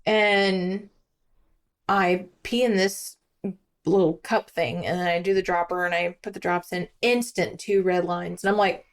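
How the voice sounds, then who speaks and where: A woman's voice: lowish voice, steady tone, unhurried. A young woman, a podcast guest, chatting casually and telling her story with animation, acting out her own past lines. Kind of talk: casual chat.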